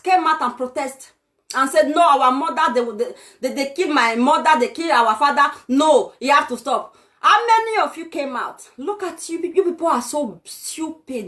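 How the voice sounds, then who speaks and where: A woman's voice: high-pitched, a bit bright. A Nigerian woman doing a comic impression of an arrogant, self-styled "lady of truth" who rants scornfully at her audience. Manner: mocking, scornful ranting with laughs.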